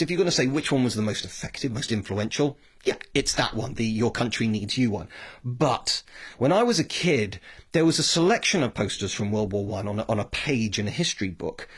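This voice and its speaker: A man's voice: medium pitch, slightly rough. A man giving a casual history talk, rambling with many fillers and restarts. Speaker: host.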